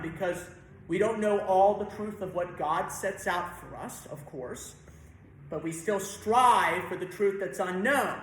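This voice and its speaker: A man's voice: high voice, a little slow, fairly bright tone, a little hiss or hum. A man directing a choir rehearsal in a church, stopping to coach diction and sing out the words. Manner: stops and sings words to demonstrate diction. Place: large church sanctuary. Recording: very echoey church hall, faint music behind.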